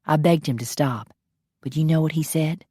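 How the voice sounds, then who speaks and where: A woman voicing a friend who confides in a hushed, earnest way, in an audiobook. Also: extremely low pitch, moderate pace, breathy edge, no room sound, clean studio sound. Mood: confiding.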